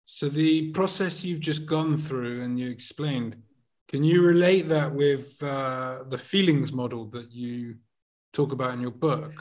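A man with an English accent hosting a podcast and asking his guest measured, thoughtful questions. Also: mid-range voice, darkish tone. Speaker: podcast host. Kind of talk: casual podcast interview.

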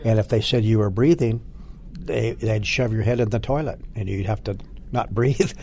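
Older man with a gravelly low voice. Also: darkish tone. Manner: halting, many restarts, emotional at times. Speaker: Marine Corps veteran interviewee. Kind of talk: oral history interview.

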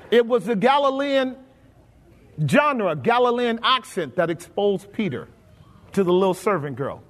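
A man's voice: sits high, big pitch swings, moderate pace, fairly bright tone. A pastor preaching a sermon, asking his congregation questions and slipping into folksy, colloquial phrasing. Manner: colloquial, drops into folksy grammar. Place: church sanctuary. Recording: long reverb of a church hall.

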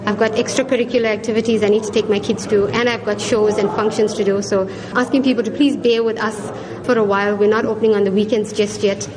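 A woman's voice: medium pitch, little pitch movement, quick pace, a crowd in the background, poor audio. A middle-aged woman, talking in a chatty, earnest way in a news interview. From South Africa. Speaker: restaurateur.

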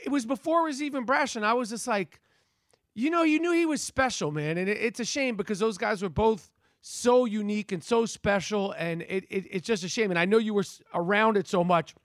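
A man chatting as a podcast guest, rambling and excitable, with frequent swearing. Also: high voice, fairly quick, no room sound, studio quality. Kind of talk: casual interview chat.

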